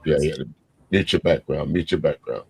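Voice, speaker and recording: A man hosting a casual live stream chat show, talking in a laid-back, drawn-out way and chuckling often. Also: a bass voice, creaky, darkish tone, breathy edge, no room sound.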